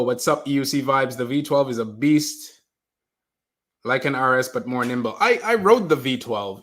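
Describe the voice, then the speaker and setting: A man hosting a casual livestream, talking loosely, repeating himself and reading out viewer comments. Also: medium pitch. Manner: animated, repeats himself, reads chat aloud. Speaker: livestream host.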